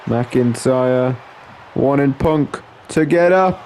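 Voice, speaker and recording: A man's voice: on the high side, normal speed, a little mellow, a little hiss or hum. A man giving casual play-by-play commentary over a video game, with frequent exclamations and filler words. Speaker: gameplay commentator.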